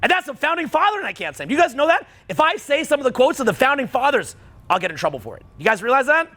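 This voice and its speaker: A man's voice: very high voice, big pitch swings, very fast, pushed and bright. A middle-aged man coaching a live seminar audience, blunt and profane, rising to heated outbursts. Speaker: dating and social skills coach.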